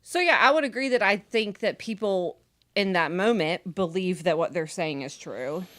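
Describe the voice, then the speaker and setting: A woman's voice: fairly low pitch, animated, normal speed, fairly bright tone. A woman co-hosting a therapy podcast in a casual way, full of "like" and restarts.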